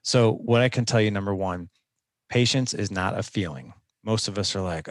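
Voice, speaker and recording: A man's voice: low voice, moderate pace, no echo, clean studio sound. A man speaking as a guest coach in a conversational interview, earnest and instructive, often restarting his sentences.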